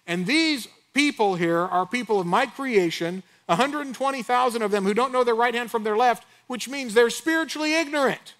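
A man preaching a sermon with animated delivery, firing off rhetorical questions and acting out snatches of dialogue. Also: extremely high pitch. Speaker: pastor.

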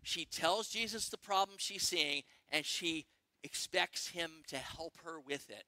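A middle-aged male pastor preaching a sermon, excitable and animated, firing questions at the congregation. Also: on the high side, no room sound. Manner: excitable, quick bursts, asks the congregation questions.

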